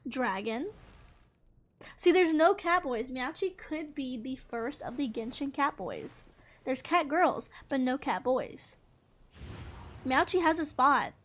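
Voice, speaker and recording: Bubbly high-voiced woman gamer. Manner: bubbly, giggly and chatty, talking to viewers. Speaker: gaming streamer. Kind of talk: casual gameplay commentary.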